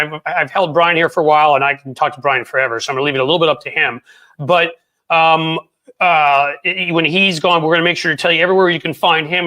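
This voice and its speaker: A man hosting a podcast interview, chatty and enthusiastic, with quick asides to his viewers. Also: on the high side, pushed and bright. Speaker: podcast host.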